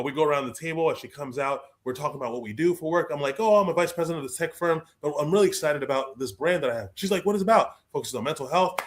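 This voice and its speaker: A young adult man, a guest author telling stories in a lively way, acting out the people he quotes. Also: on the high side, slight background noise. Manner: expressive, acts out quoted voices, repeats words. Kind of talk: animated storytelling in conversation.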